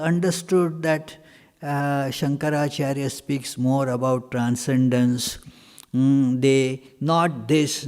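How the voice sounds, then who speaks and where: Male monk-teacher answering questions, unhurried and halting, full of fillers, reverberant hall sound. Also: fairly high pitch, a little mellow. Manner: halting, many pauses and fillers, emphatic repetition.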